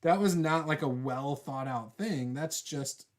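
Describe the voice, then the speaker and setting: A man hosting a casual chat as game master, reading out viewer comments in a relaxed, teasing and rambling way. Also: on the high side, unhurried.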